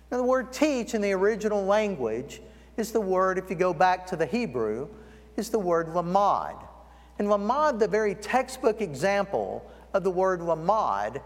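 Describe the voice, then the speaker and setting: Brief: male preacher, high voice, storytelling sermon, recorded in a church with a long reverb tail. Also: very animated. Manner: storytelling, slows down to stress key words. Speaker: guest preacher. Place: church sanctuary.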